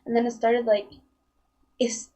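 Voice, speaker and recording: A woman's voice: a little high, level tone, measured pace, mellow, low-quality recording. A woman casually telling a story on a live stream, rambling with lots of "like" and restarts.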